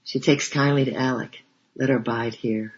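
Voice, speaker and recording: A man reading aloud, voicing a kindly, steady old grandfather who speaks gently with homely dialect words. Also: medium pitch, normal speed, breathy edge. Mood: gentle. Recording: dull lo-fi recording.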